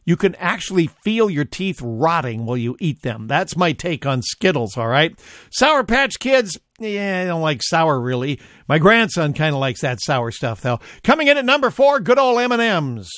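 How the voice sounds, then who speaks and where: A man's voice: fairly high pitch, a bit bright, no room sound, clean studio sound. An older man hosting a radio show, chatting casually and joking in a folksy way between records.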